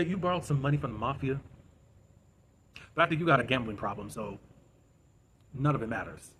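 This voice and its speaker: Guy doing a loose tv recap, mid-pitched voice, bit of faint hiss behind him. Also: a bit bright. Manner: chatty, retells scenes with "da, da, da" and quick asides. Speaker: host of a TV recap channel. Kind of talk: casual episode recap.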